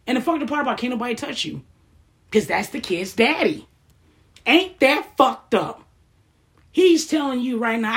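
Fired-up woman ranting, high and swooping. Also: lively intonation, moderate pace. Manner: heated, blunt and profane, with rhetorical questions. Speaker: vlogger. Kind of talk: impassioned profane rant.

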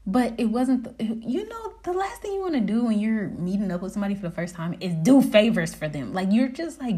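A young woman hosting her podcast, telling a story in casual chat, animated, laughing often and swearing freely. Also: fairly high pitch, brisk, few pauses. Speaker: podcast host.

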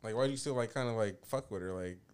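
Wry low-voiced man chiming in. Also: fast, clean tone. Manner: wry, profane interjections. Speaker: listener. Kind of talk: casual chat.

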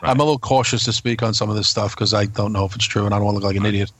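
A man co-hosting a wrestling podcast talks quickly in casual chat. He hedges and restarts his sentences often, and the sound is close and dry. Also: fairly low pitch, fairly even intonation, a bit bright, no echo. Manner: hesitant, many restarts and fillers. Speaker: podcast co-host.

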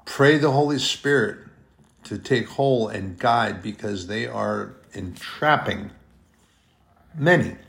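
A man preaching a sermon, slow and deliberate, drawing out his emphatic phrases. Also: on the low side, creaky, fairly bright tone.

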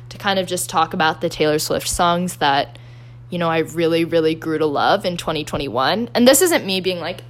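A young woman hosting her own podcast in casual solo chat, rambling and self-deprecating with lots of fillers. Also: fairly low pitch. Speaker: podcast host.

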